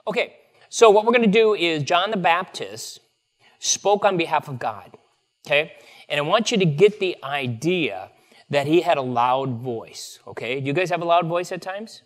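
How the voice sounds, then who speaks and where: A man's voice: fairly high pitch, animated, moderate pace. A male pastor leading a prayer and then an upbeat, playful children's message at a church service. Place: church sanctuary.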